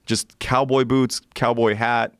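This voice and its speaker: A man's voice: medium pitch, level tone, a little slow, clear, resonant tone, dry recording, clean studio sound. A man in his forties telling a profane, vivid story as a podcast guest. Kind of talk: casual storytelling.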